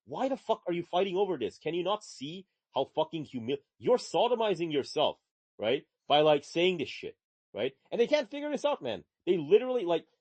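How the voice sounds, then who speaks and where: Man, podcast co-host, profane ranting, lively pitch, casual chat. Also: moderate pace, husky, dry recording. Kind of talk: casual live audio chat.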